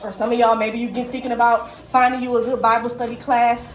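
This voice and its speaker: A woman with a fairly high voice gives a casual tarot reading to viewers. She is slangy and profane and keeps punctuating her points with "okay?" The recording sounds echoey, with faint noise in the background. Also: level tone, fast talker. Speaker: tarot reader.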